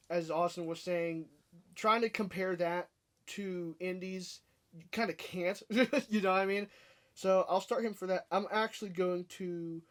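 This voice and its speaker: A man guesting on a casual podcast, who stammers and repeats words and laughs often. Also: high-pitched.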